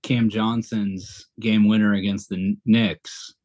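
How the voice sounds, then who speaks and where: A man's voice: lowish voice, level tone, slow pace, darkish tone. A middle-aged man hosting a podcast in casual chat, laughing at himself and rambling. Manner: laughing, self-deprecating, rambling with fillers. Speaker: podcast host.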